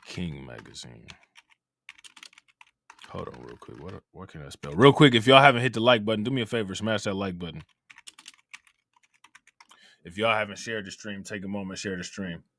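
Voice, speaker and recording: With a lowish, slightly bright and expressive voice, this Ohio livestream host talks at a moderate pace and pauses often, over a little hiss or hum. He keeps things loose, laughing frequently, reading out the chat and tossing in "you know what I'm saying" again and again.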